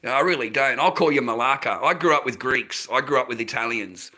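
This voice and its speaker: Sweary Australian man ranting, bright voice. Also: mid-range voice, expressive, brisk. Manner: profane, swears constantly, ranting. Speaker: vlogger selling handmade masks. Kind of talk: casual rant to camera.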